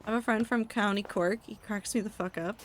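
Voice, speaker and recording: A woman streamer in easy casual chat with her viewers, wry and talkative, answering chat questions as they come. Her pitch sits in an ordinary middle range, and a faint hiss of noise lies under her desk mic. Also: fairly even intonation, fairly quick, low-quality recording. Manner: chatty, wry, reacting to chat with asides and profanity.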